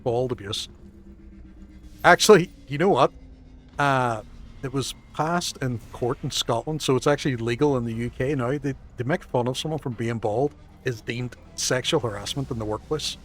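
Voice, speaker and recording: A man's voice: mid-range voice, moderate pace. A man, commentating his live gameplay and bantering profanely with chat. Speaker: gaming streamer.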